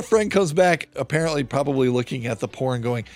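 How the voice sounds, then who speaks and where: A man's voice: medium pitch, expressive, fairly quick, a little mellow. A man hosting a true-crime podcast, sarcastic and swearing freely as he reads out chat logs and comments on them. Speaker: podcast host.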